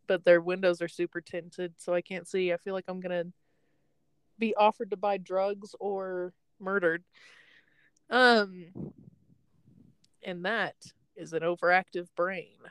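A young woman tells a story in a loose, chatty way, wandering off the point and laughing often. Her voice is smooth and clear, and it sits close and dry, with almost no room sound. She sounds like she is talking from a parked car. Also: medium pitch, steady tone, a little slow, a bit bright, no echo, low-quality recording. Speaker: podcast host telling a story. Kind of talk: casual storytelling chat.

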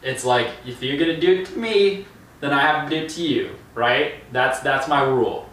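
Bright-voiced young man in an echoey room. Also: on the high side, moderate pace, slight background noise. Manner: hesitant, restarts and "like" fillers. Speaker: podcast co-host. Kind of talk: casual chat. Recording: echoey room, far from mic.

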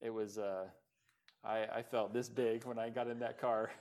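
A man's voice: lowish voice, little pitch movement, normal speed, a little mellow. A man preaching an evening sermon as pastor, talking in a conversational, self-deprecating way with plenty of fillers, then closing in prayer.

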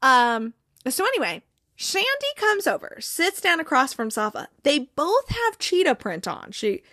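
A woman's voice: sits high, big pitch swings, unhurried, pushed and bright, no echo, studio quality. A woman hosting a podcast, casually recapping a TV episode, chatty and laughing often.

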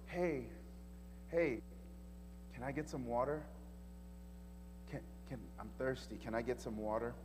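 A man voicing a tired, thirsty man gently asking a woman for water, hushed and low. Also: unhurried, pauses often, background noise, close to an everyday voice. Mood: gentle. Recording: echoey hall reverb.

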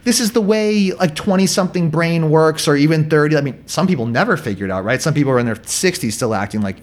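A man's voice: a little high, expressive, fast. A man in his thirties in a casual podcast chat, candid and self-deprecating, often restarting his sentences.

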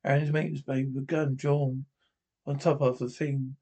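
A man reading a TV episode aloud with descriptions, halting and restarting often. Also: mid-range voice, flat delivery, darkish tone.

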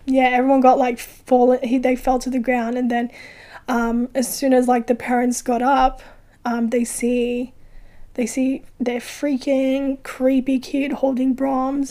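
A woman with a high voice chats casually about a horror film. Her talk is animated and profane, full of swearing and laughter. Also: measured pace. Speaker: podcast co-host recapping a film. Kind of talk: casual chat.

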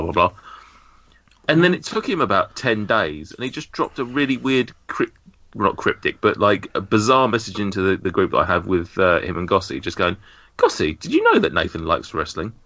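A man's voice: low voice, sharp tone, no echo, dull audio. A man hosting a podcast, introducing his guests with playful jokes in casual chat. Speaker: podcast host.

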